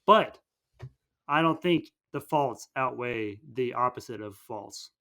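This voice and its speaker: Medium in pitch, animated and slow, with a pushed, bright quality, this young male co-host talks films on a podcast. His casual, enthusiastic chat rambles, full of restarted sentences.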